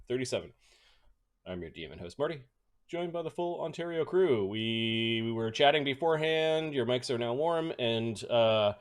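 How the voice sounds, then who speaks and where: A man hosting and running a tabletop game, chatting casually with lots of fillers. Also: medium pitch. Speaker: game master and host.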